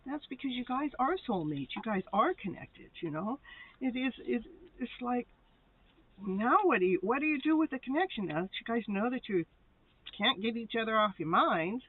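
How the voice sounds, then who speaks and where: A woman's voice: fairly high pitch, husky. A woman host giving a live tarot reading, chatty and playful, often giggling and breaking into sing-song exclamations. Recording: tinny phone-like sound with faint noise.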